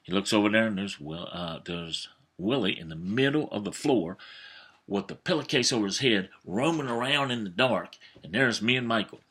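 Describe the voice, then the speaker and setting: A man in his fifties telling a family story in a folksy, animated way, with some hesitations. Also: fairly low pitch, moderate pace, slight background noise. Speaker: vlogger. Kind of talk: storytelling monologue.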